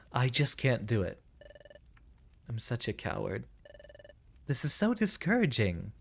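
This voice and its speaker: Brief: man doing a timid young creature hero, nervous and hesitant, very animated pitch. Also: slow, gravelly, heavily acted. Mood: discouraged. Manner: nervous, hesitant, self-doubting. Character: timid young male creature hero, cowardly but hopeful.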